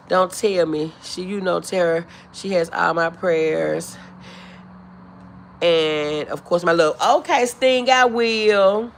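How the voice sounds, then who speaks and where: Reading comments from her viewers, a livestream host chats casually, answering with warm, stretched-out greetings and names like honey and boo. Her voice sits in the mid-range, she occasionally clears her throat, and there's slight background noise.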